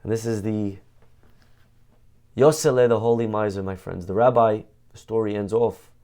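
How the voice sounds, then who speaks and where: Dramatic storytelling rabbi. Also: male voice, fairly low pitch, fairly even intonation, warm tone. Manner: dramatic storyteller, slows and rises at emotional peaks. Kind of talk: storytelling Torah class.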